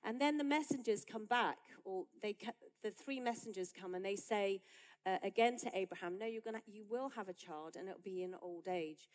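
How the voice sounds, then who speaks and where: Woman pastor, mid-pitched voice, conversational sermon with lively emphatic peaks. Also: normal speed, poor audio.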